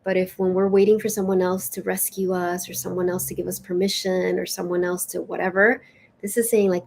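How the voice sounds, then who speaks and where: A woman hosts a live spiritual session in a relaxed, chatty way. She reads oracle cards aloud with an expressive, lilting delivery. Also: on the low side, brisk, gravelly, a little hiss or hum. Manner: warm, chatty, lilting and expressive, with soft laughs. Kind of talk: casual live-stream chat and oracle card reading.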